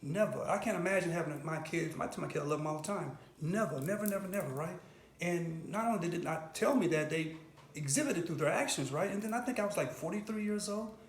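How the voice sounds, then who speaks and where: A man's voice: on the high side, quick pace, roomy sound, a little hiss or hum. A middle-aged man telling his life story in an interview, earnest and emphatic, often tagging "right?" and "bro". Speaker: interview guest. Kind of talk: candid personal interview.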